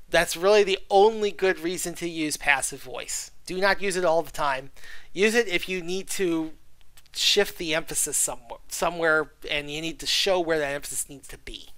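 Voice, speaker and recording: Lecturer with a mid-range voice on a dry, close mic. Keeps asking "okay?" and fills pauses with "uh". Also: mid-range voice, fairly bright tone, no room sound. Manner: frequent "okay?" check-ins and "uh" fillers; reads textbook passages aloud. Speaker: college writing instructor. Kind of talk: recorded video lecture.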